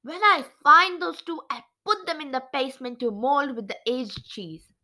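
A woman reading a storybook aloud, voicing a brisk, quick-tempered heroine. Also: high-pitched, very animated, bright, forceful tone, full character voice. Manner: brisk, exasperated.

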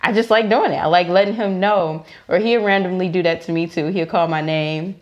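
A young adult woman co-hosting a casual podcast chat. Her voice sits a little low, and she talks in a relaxed, chatty way, laughing often between her thoughts. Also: a little fast, muffled recording. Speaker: podcast co-host.

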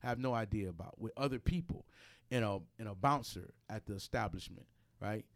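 A brisk man with a lowish voice hosts a podcast and chats casually, telling a story bluntly and with plenty of profanity. He performs the other people's lines himself.

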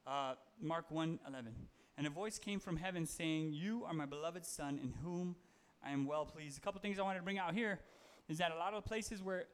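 A man's voice: a little high, moderate pace, hardly any pauses, clear, resonant tone. A man giving a casual, conversational sermon, reading Bible verses and talking them through with fillers and self-corrections. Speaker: preacher.

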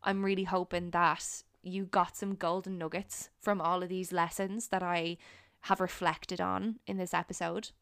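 A young woman hosting a solo podcast, talking in an earnest, encouraging way with frequent pauses. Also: on the low side, level tone, gravelly, fairly bright tone, clean tone, no echo, studio quality. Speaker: podcast host. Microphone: studio microphone.

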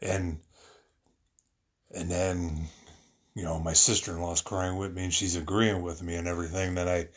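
A man telling a personal story about his family in a rambling, earnest way, full of fillers and restarts. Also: sits low.

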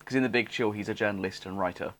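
A young man co-hosting a casual film podcast, talking in a halting, rambling way with lots of restarts. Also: lowish voice, steady tone, a bit bright. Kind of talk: casual chat.

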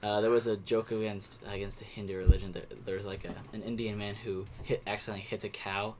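In a relaxed podcast movie review chat, a young co-host talks through his opinions fast, rambling and circling back with frequent fillers and restarts. His voice sits low, and a faint hiss of background noise can be heard.

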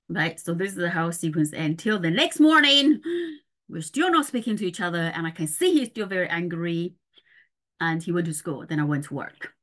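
A middle-aged woman parenting coach on a podcast, explaining step by step and often checking in with the listener. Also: fairly low pitch.

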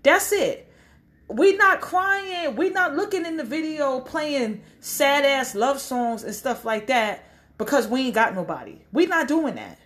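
Blunt, animated woman ranting profanely. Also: sits high, unhurried. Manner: blunt, profane, preachy advice with acted-out quotes. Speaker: social media commentator. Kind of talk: casual direct-to-camera rant.

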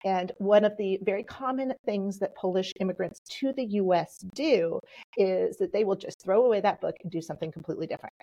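Lively woman telling her story. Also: mid-range voice, fairly quick, lo-fi sound. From Texas. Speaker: podcast guest. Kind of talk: storytelling in conversation.

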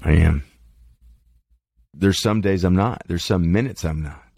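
A man's voice: low voice, measured pace, vocal fry, darkish tone, slightly rough, no echo. A man talking candidly about his life in a rambling, self-deprecating monologue, cursing freely, his mouth dry. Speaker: podcast host.

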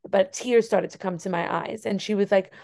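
A woman's voice: mid-range voice, steady tone, normal speed, creaky, warm tone. Woman, young adult, teacher, earnest, heartfelt storytelling, casual interview. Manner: earnest, emotional storytelling with many fillers. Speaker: teacher and author, podcast guest.

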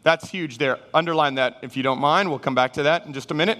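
Animated man preaching in a hall. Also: on the high side, quick pace, hardly any pauses. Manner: animated, acts out Bible figures and congregants in raised voices. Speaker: pastor. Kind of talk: sermon. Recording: reverberant hall sound.

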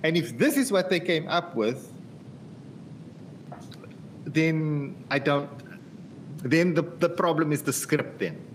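A man's voice: fairly high pitch, takes it slowly, pauses often, slight background noise. A man co-hosting a casual movie podcast, retelling scenes with lots of laughter and fillers. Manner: chatty, laughs often, animated retelling. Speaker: podcast co-host. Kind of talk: casual movie review chat.

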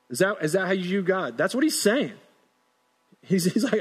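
Earnest preacher in a reverberant hall. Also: male voice, sits high, very animated, slightly rough. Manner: earnest, halting with repeated restarts. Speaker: pastor. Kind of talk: sermon. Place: church sanctuary.

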